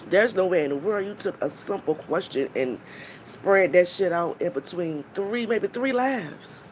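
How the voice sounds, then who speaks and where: A woman's voice: fairly low pitch, normal speed, a little mellow, a little hiss or hum. A woman on a live stream, talking bluntly and mockingly to her viewers, swearing freely and stopping to greet people in the chat.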